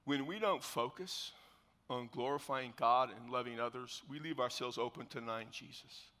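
A man preaching a sermon as pastor, telling a biblical story with animated, acted-out scenes and dropping to hushed tones for solemn points. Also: medium pitch, normal speed, big-room sound.

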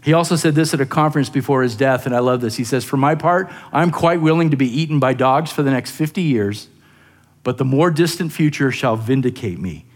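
A man preaching a sermon on a psalm, earnest and rising into animated emphasis, often repeating words as he goes. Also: medium pitch, fairly quick. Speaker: pastor.

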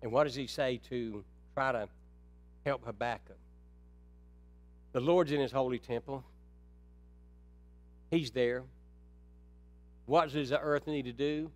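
A man preaching a sermon, calling his listeners brethren, shifting from quiet, low stretches to loud, high, urgent passages. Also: measured pace, pauses often, dry recording. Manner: swings from soft and low to loud and high when stirred.

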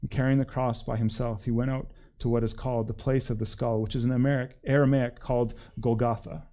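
Man, preacher, scripture reading, expressive, deliberate, mid-pitched voice.

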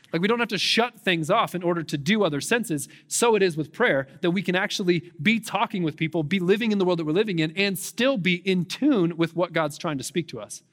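A young adult man preaching a sermon as pastor, conversational and animated, with frequent fillers and quick restarts. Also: on the high side.

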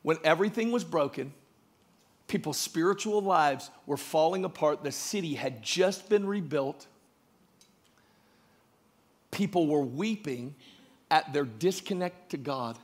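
A man preaching a sermon, joking with the congregation and building from quiet asides to shouted emphasis. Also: fairly high pitch, lively intonation, measured pace, long pauses. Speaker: pastor.

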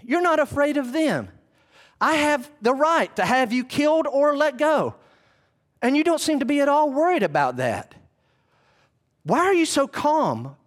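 Man acting out a flustered Roman governor, high-pitched, louder, firing off anxious questions. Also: heavily acted. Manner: rapid-fire anxious questioning. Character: agitated Roman governor, middle-aged man.

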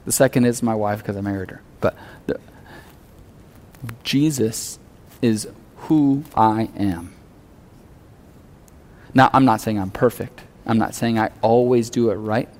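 A man's voice: fairly low pitch, unhurried, pauses often, darkish tone. Earnest, casual-talking male pastor. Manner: casual and earnest, acts out quoted lines. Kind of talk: conversational sermon.

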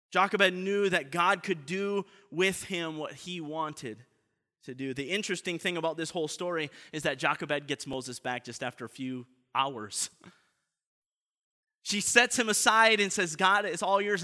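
A man preaching a sermon in an earnest way, often letting his voice drop soft at the ends of points. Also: a little high, moderate pace. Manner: earnest, often trailing off softly. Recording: long reverb of a large hall.

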